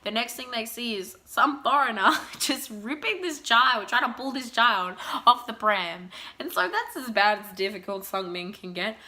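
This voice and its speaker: Bright-voiced young woman chatting. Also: on the high side, normal speed, hardly any pauses. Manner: chatty, animated, playfully self-mocking. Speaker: vlogger. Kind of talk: casual storytelling vlog.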